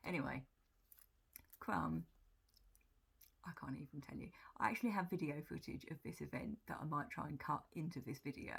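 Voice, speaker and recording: A woman telling stories about her cats in a soft, breathy whisper, in a whispered role-play style. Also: sits low, moderate pace. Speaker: cat vlogger.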